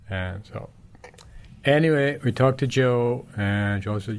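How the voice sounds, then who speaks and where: Older Irish man with a low voice. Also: unhurried, creaky. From Ireland, Galway. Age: 70s. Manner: rambling, heavy with "you know" fillers, chuckles often. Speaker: interviewee, corner shop owner. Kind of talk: reminiscing conversational storytelling.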